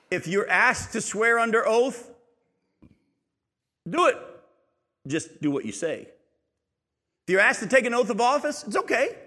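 A middle-aged man preaching a sermon as pastor, emphatic and building to loud peaks. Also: sits high. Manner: emphatic, rising to shouts in stories. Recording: long hall reverb.

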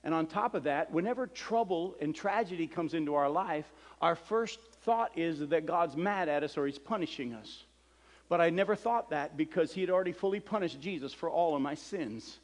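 Animated man preaching in a reverberant hall. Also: on the high side, normal speed. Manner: animated storyteller acting out dialogue. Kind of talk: storytelling sermon.

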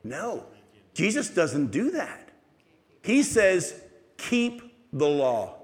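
Animated preaching man in a reverberant hall. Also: high voice, drawn-out words, pauses often. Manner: animated preaching, rhetorical questions to the congregation. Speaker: pastor. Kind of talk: sermon.

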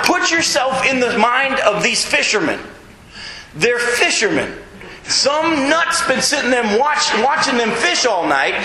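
A man preaching a sermon, animated storytelling that acts out voices and sometimes shouts. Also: very high voice, reverberant, a little hiss or hum, poor audio. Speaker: pastor.

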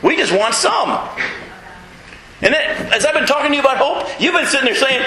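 A man preaching a sermon in a folksy, emphatic way, with self-mocking humor and sudden high leaps in pitch to stress his points. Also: animated, brisk, roomy sound, background noise. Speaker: pastor.

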